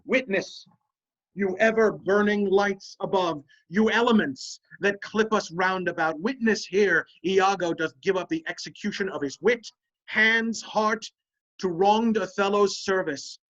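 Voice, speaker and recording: A sly, scheming male officer, read by an actor in an amateur Shakespeare reading. The delivery is measured and insinuating, at a middling pitch. The sound is muffled and lo-fi. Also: fairly bright tone, natural voice.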